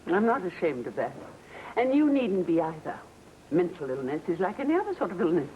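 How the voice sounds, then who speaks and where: Gentle low-voiced mum, soothing and patient, voice rises and falls a lot, old tv play. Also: female voice, very animated, a little fast, narrow, tinny audio, slight background noise. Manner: soft, patient, consoling. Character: gentle mother returned from a mental hospital. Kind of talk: 1960 television drama acting.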